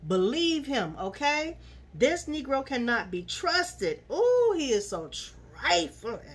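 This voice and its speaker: A woman giving sassy, animated commentary while she recaps a reality TV episode and scolds its cast. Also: sits high, takes it slowly.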